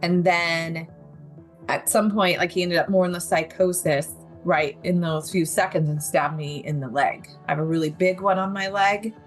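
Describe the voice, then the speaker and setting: A woman's voice: lowish voice, fairly even intonation, moderate pace, faint music behind. A young adult woman, a podcast guest, telling her survival story in vivid, candid detail with occasional nervous laughs. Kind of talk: personal story in an interview.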